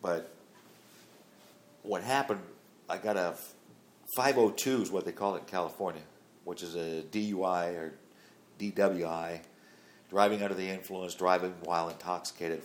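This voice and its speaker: A man's voice: low-pitched, steady tone, moderate pace, pauses often. A middle-aged man telling a long personal story to his grown child in a plain, rambling way full of fillers. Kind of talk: casual storytelling.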